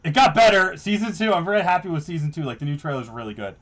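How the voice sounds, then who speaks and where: A man's voice: a little high, rapid-fire. A man hosting a casual commentary stream, laughing and swearing as he mocks his own old work. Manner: profane, laughing, self-deprecating. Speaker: stream host.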